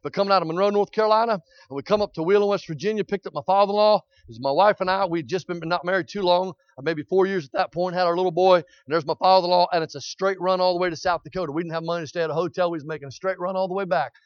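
A man's voice: high voice, very fast, hardly any pauses, no echo, dull audio. A middle-aged man preaching a sermon, telling a folksy story with frequent amens and rising to hollering.

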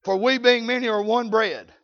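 An older man preaching a folksy sermon, often shouting out his points. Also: very high-pitched, steady tone, normal speed, muffled recording.

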